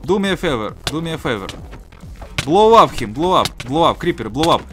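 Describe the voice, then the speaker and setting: A man's voice: a little high, brisk. Russian-accented man, trash-talking gamer. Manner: excitable, profane trash talk. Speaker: gaming YouTuber. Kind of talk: gameplay commentary. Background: game music.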